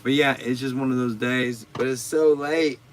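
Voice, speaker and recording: A man's voice: medium pitch, steady tone, moderate pace. A man hosting a casual livestream chat, talking stoned, laid-back and profane while teasing a viewer. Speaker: livestream host.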